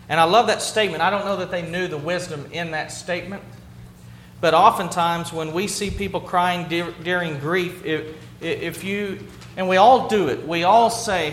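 A man preaching a sermon as a pastor. He drops to a hushed, low voice on key words, then builds back up. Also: normal speed, slight background noise. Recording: roomy, echoey hall.

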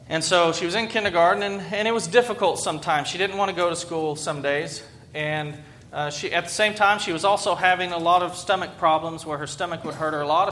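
A man's voice: sits high, bright, forceful tone. A man in his thirties, a pastor, preaching a conversational sermon and asking the congregation questions.

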